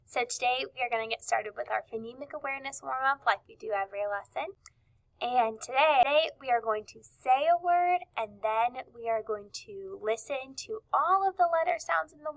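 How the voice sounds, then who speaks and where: A woman teacher leading a recorded reading lesson, sounding out words slowly and clearly in an encouraging, upbeat tone. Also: on the high side, expressive, poor audio.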